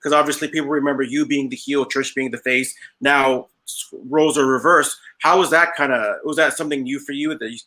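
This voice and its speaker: A man's voice: medium pitch, steady tone, fairly quick, pushed and bright. A male podcast host asking long, winding interview questions. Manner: long, winding questions and brief "mm-hmm" backchannels.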